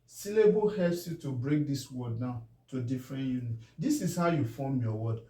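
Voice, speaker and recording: A man with a Nigerian English accent teaches spelling, sounding words out slowly and often asking whether it is clear. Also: mid-range voice, animated, dark tone. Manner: drawn-out syllable-by-syllable pronunciation. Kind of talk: spelling lesson. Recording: echoey room from far off.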